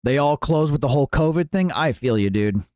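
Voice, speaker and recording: A man's voice: a little high, expressive, fairly quick, darkish tone, no echo, studio quality. A man hosting a live stream, chatting casually with viewers in a playful, jokey way and often laughing.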